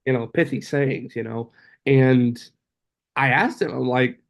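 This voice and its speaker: A man, a podcast guest, telling stories in animated casual chat and often saying "you know". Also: medium pitch, a little slow, creaky. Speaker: guest, co-author of a book about his father. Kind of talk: casual interview storytelling.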